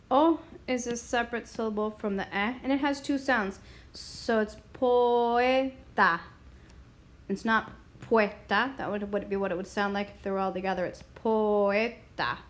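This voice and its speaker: A woman explaining a Spanish grammar lesson in a slow, deliberate way, stopping now and then to clear her throat. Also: fairly high pitch. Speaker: Spanish teacher.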